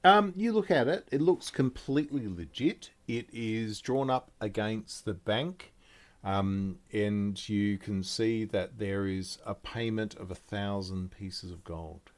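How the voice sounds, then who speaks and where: Slow, low-voiced game master. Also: male voice. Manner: relaxed, halting narration with fillers. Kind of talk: narrating a tabletop game.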